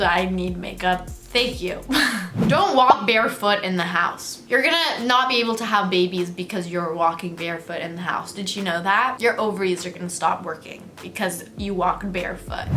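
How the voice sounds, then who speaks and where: A young woman vlogging a comedy monologue, chatty and animated, acting out her parents' lines in a raised voice. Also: mid-range voice, echoey room. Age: young adult.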